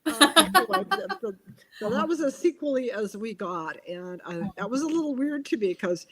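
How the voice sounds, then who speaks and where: Woman author, middle-aged, lively anecdote-teller in casual chat. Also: normal speed, a crowd in the background. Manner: chatty storyteller, acts out quotes with big pitch jumps. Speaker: author guest.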